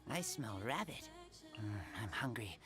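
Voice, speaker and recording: Feral wolf-boy from a game, broken terse speech, slow delivery, swooping intonation. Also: medium pitch, big pitch swings, music in the background. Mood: gruff, simple. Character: young wild boy raised by wolves. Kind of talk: game character voice lines.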